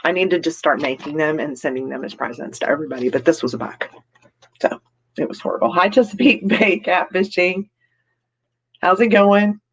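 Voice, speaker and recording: A woman's voice: low-pitched, animated, moderate pace, breathy edge. A woman hosting a casual live stream, chatty and rambling, laughing often and greeting viewers by name as she reads their comments. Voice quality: giggly, laughs often between remarks.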